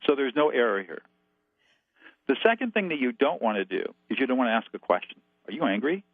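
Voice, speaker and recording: A guest expert phones in and methodically walks through a set of numbered instructions. He speaks quickly in a sing-song, medium-pitched voice, and the tinny telephone recording is dry.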